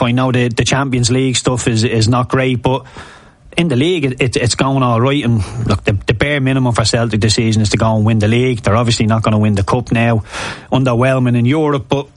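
A male football pundit talking on the radio, mid-pitched. He is hesitant and repeats words as he thinks aloud, and the recording is dry and close. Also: fairly even intonation, quick pace, no echo.

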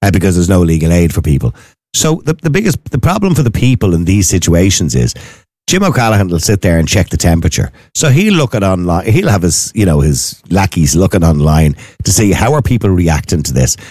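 A man's voice: sits low, sing-song, fairly quick, a little mellow, no echo, clean studio sound. An Irish man hosting a casual chat, asking probing questions conversationally.

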